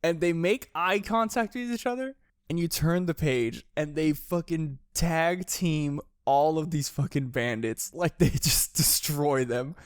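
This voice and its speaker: A man with a slightly raised voice co-hosting a casual podcast. He laughs a lot, gets excitable and swears often. He is recorded close and dry. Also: fairly high pitch, a little slow, clear, resonant tone, no room sound. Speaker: podcast co-host. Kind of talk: casual chat.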